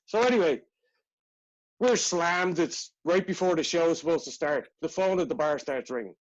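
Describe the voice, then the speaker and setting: A man's voice: fairly high pitch, normal speed, lo-fi sound. A man from Ireland, a pub owner spinning a rambling bar story as a podcast guest. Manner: rambling, chatty yarn spinner. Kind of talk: casual storytelling.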